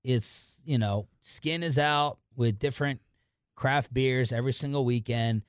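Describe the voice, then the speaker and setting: A male radio host chatting and needling his co-hosts, then briskly wrapping up the segment. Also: mid-range voice, smooth, dry recording, studio quality. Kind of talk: casual studio chat and segment wrap-up. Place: radio studio.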